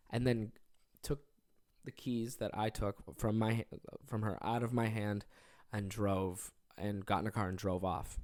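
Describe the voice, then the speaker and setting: A young adult podcast host, telling stories in a casual, animated way, swearing freely and acting out the people in them. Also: mid-range voice, measured pace. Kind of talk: casual comedic storytelling.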